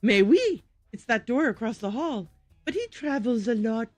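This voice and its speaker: A woman's voice: on the high side, expressive, normal speed, dry recording, faint music behind. A woman voicing a friendly French neighbor in a video game, with a put-on French accent and a playful, hammy reading.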